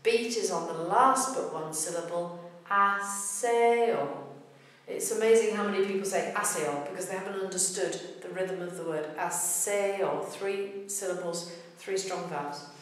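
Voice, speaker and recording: Woman teacher, lowish voice, patient whiteboard explainer, recorded from a distance in a very echoey room. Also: normal speed. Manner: patient, explains step by step with spoken examples. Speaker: Spanish pronunciation teacher. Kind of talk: whiteboard lesson.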